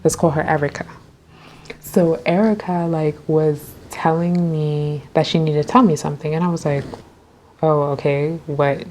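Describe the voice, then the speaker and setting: Low-voiced young woman telling a story. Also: moderate pace, slight background noise. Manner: animated and chatty with many fillers. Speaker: vlogger. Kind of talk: storytime vlog.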